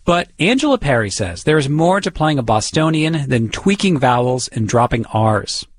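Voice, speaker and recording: A man reporting and interviewing for a radio feature, measured and conversational. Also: medium pitch, very animated, no echo.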